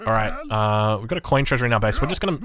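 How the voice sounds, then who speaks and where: A man's voice: lowish voice, lively intonation, rapid-fire, a bit bright, slight background noise. An Australian man streaming a strategy game, rambling casually and reading chat aloud. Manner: rambling, chatty, swears, reads chat aloud.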